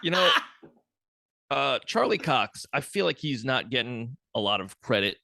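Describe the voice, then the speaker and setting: Gravelly, lively-voiced joking man. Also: mid-range voice, normal speed, no echo, clean studio sound. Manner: jokey, rambling, swears casually. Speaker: podcast co-host. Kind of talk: casual chat about movies.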